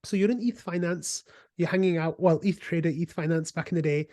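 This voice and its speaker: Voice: mid-range voice, brisk, darkish tone, dry recording, clean studio sound. A podcast host in casual interview chat, eager and chatty with lots of "like".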